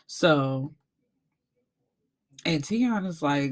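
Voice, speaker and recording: Lively woman recapping a book. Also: deep voice, drawn-out words, long pauses. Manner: animated storytelling, acts out characters, swears freely. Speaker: book reviewer.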